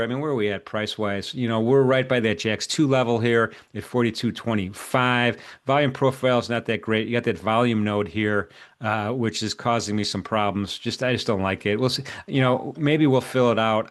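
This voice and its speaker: A man hosting a live trading show, walking through market levels in a casual, rambling way with many fillers and restarts. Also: lowish voice. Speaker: market strategist and show host. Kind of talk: live trading analysis chat.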